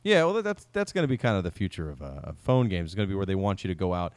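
A man's voice: low voice, big pitch swings, very fast, dry recording. A man co-hosting a casual podcast, rambling and self-mocking, often restarting his sentences. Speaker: podcast co-host. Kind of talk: casual chat.

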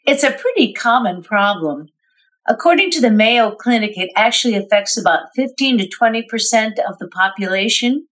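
A woman co-hosting a podcast, reading a smooth scripted introduction and chatting in a friendly way. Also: a little high, lively intonation, moderate pace, fairly bright tone. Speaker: podcast co-host. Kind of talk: scripted introduction and casual chat.

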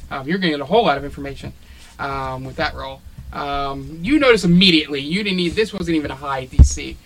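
A man's voice: a little high, fast, fairly bright tone, a little hiss or hum, rough recording. A man narrating a tabletop role-playing game as game master, describing scenes with frequent ums and uhs. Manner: descriptive, filler-heavy with many ums.

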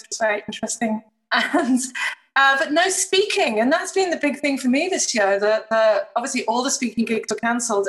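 A middle-aged woman from England, a podcast guest talking about her business in a brisk, self-deprecating way. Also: on the high side, a bit bright. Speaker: podcast guest, marketing entrepreneur. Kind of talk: casual interview chat.

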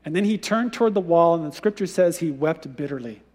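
A man preaching a sermon as a pastor, retelling a story in an animated, conversational way with casual asides. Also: a little high, fairly quick. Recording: long reverb of a large hall.

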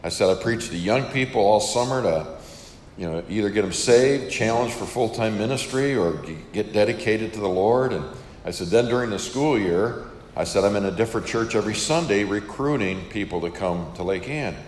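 Deep-voiced older man in an echoey hall. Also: moderate pace, a little mellow, a little hiss or hum. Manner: casual, chatty, acts out quoted dialogue. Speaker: missionary. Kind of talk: storytelling testimony to an audience.

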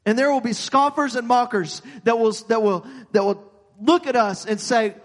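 High-voiced man preaching in a reverberant hall. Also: moderate pace. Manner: earnest preaching with frequent repeated words and restarts. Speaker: pastor. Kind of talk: sermon.

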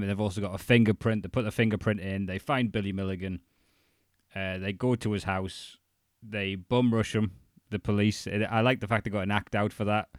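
A man's voice: fairly low pitch, dry recording, studio quality. A man co-hosting a casual podcast chat, retelling a story with joking asides. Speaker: podcast co-host. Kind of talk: casual chat recapping a documentary.

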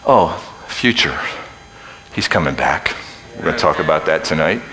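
A man in his sixties preaching a sermon, folksy and joking, swinging from shouting to hushed near-whispers. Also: a bass voice, very animated, moderate pace.

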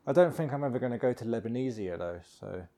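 A man co-hosting a casual film commentary, deadpan and spinning mock-serious made-up facts. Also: medium pitch, quick pace. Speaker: guest co-host.

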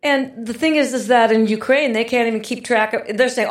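A woman's voice: a little high, a little fast, roomy sound. A woman hosting a political podcast interview, talking in a sarcastic, mocking way. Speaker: podcast host. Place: podcast studio.

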